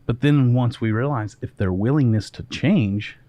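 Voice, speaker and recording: A man's voice: medium pitch, moderate pace, warm tone, dry recording. A man hosting a casual podcast, an emphatic storyteller and mentor.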